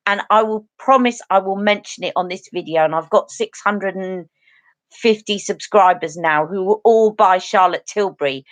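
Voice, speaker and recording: A woman's voice: medium pitch, no room sound. A woman hosting a beauty live stream, chatting earnestly and directly to her viewers. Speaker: beauty channel host. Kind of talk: casual live-stream chat.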